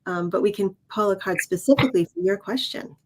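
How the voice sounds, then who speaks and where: A woman co-hosting a spiritual livestream and reading cards in casual chat over a video call, laughing easily and talking in halting phrases. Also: mid-range voice, a little mellow. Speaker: co-host and card reader.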